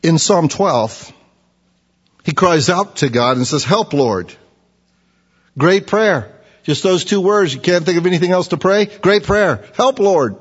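A man preaching a sermon, animated and acting out the dialogue in character voices. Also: sits high, unhurried, breathy edge. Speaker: pastor. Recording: dull sound in a reverberant hall.

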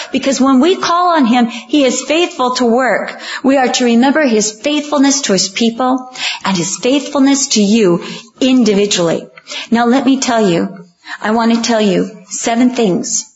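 Woman preacher, higher voice, slow and emphatic sermon delivery, dull lo-fi recording. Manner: earnest, emphatic, slows down on key lines, acts out quoted voices.

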